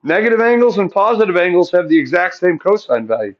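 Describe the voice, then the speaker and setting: A man's voice: high voice, big pitch swings, fast talker, highs cut off. A male math teacher lecturing a classroom, asking the students questions and answering them himself.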